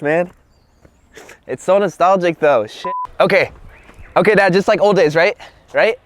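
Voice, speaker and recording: A young man vlogging outdoors at his childhood home, talking in an excitable, slangy way full of "like" and "bro.". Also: high voice, unhurried, long pauses, a little hiss or hum. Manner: excitable, slangy, lots of 'like' and 'bro'. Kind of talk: casual on-location vlog. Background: guitar music.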